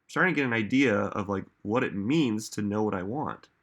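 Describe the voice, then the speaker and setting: A man's voice: on the low side, fairly quick, a bit bright. A man giving a reflective motivational talk, musing aloud and asking listeners many rhetorical questions. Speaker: self-help speaker.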